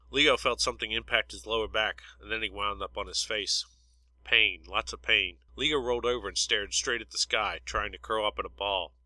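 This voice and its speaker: A man reads a story aloud at a steady, even pace. His low voice has a bright, sharp tone. The recording is dry and close, with no room sound. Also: dry recording, low-quality recording. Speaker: narrator. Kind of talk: read-aloud story narration.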